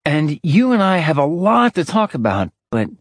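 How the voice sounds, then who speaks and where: A man's voice: a little high, sing-song, moderate pace, husky, no echo, studio quality, pitched above the performer's own voice. A man voicing an earnest, loving young woman who speaks in a pleading tone.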